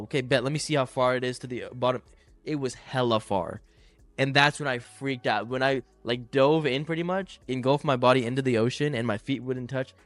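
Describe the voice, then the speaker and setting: Animated young man telling a story. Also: mid-range voice, no room sound. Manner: animated, swearing, acts out other people's lines. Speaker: podcast co-host. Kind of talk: casual storytelling chat.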